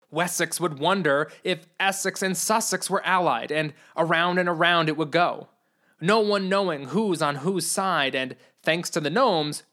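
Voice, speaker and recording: Storybook narrator reading a comic tale expressively; a steady, mid-pitched voice.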